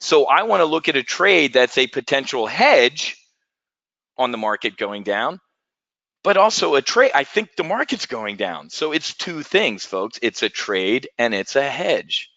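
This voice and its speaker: Folksy, animated man hosting a trading webinar. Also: mid-range voice, unhurried, no room sound, muffled recording. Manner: folksy, animated, jokey salesman patter.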